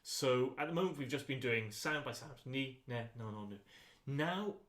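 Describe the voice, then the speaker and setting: A man leading a choir rehearsal voice lesson, giving calm, unhurried instructions with frequent ums. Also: medium pitch. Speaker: choir voice teacher. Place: rehearsal room. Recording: echoey rehearsal room.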